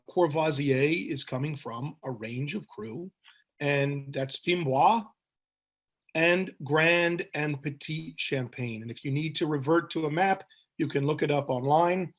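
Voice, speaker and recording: Man talking slowly through a tasting. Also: on the high side. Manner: thoughtful, descriptive, pausing to find words. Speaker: cognac educator leading a tasting webinar. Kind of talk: guided tasting talk. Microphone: webinar mic.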